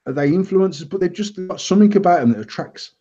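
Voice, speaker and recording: A man's voice: sits high, fast. Sweary man telling stories. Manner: sweary storytelling, lively and blunt. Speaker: host and vape company owner. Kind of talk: casual banter chat. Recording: dull lo-fi live stream audio.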